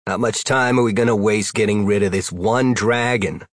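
A man's voice: on the low side, moderate pace, no echo, lightly acted. A man voicing a teasing adult male wizard companion who needles his friend in a dry, matter-of-fact way.

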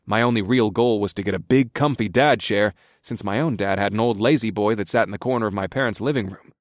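A man narrating a story in the first person in a relaxed, conversational way. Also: fairly low pitch, quick pace, no room sound, studio quality. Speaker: audiobook narrator.

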